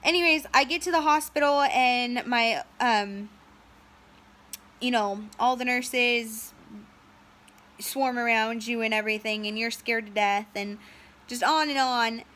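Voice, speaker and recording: Bright-voiced woman telling a rambling story. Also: fairly high pitch, a little slow. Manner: rambling, many "um"s and "and so", quotes others in dialogue. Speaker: storyteller recounting a personal medical ordeal. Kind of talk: casual personal storytelling.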